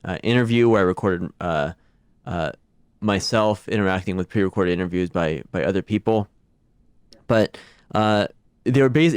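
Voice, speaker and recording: A man hosting a podcast, talking in a relaxed, thoughtful way with a few hesitant restarts. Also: fairly low pitch, clean tone, no room sound, clean studio sound. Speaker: podcast host. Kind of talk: casual conversation.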